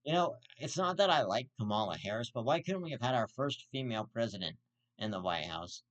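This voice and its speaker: A man's voice: medium pitch, expressive, brisk. Blunt, profane man ranting. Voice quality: blunt, profane and repetitive, circling back to the same insult. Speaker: show host.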